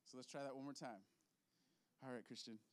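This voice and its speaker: A man's voice: medium pitch, fairly even intonation, fairly quick, dry recording. A man leading an object lesson for kids in a children's ministry, upbeat and playful, laughing often.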